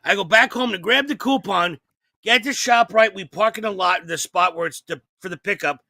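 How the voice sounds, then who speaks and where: High, gravelly, profane comedian man. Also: moderate pace, sharp tone, dry recording. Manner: profane, rambling, acts out voices. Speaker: podcast co-host. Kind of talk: comedic storytelling chat.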